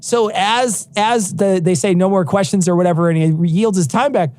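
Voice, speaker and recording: A man's voice: high-pitched, normal speed, a little mellow. A man co-hosting a podcast, ranting heatedly with lots of swearing. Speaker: podcast co-host. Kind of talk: casual podcast chat.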